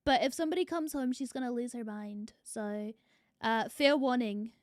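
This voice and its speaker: A woman's voice: fairly high pitch, normal speed, no echo, studio quality. A young adult woman streamer chatting casually to her viewers, swearing freely. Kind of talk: casual live-stream chat.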